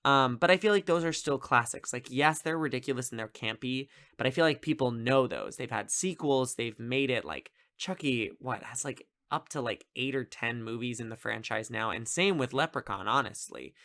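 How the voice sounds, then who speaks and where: A man's voice: mid-range voice, expressive, normal speed, hardly any pauses, a bit bright. A man hosting a podcast, reviewing a film in a casual, rambling way, full of fillers and amused asides. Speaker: podcast host. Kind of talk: casual solo movie review.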